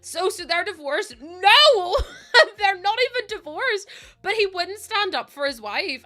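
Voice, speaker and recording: A woman's voice: extremely high pitch, lively intonation, slow pace, pushed and bright. A young woman streaming a game, chatting casually while laughing often and swearing freely. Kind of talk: casual chat while gaming.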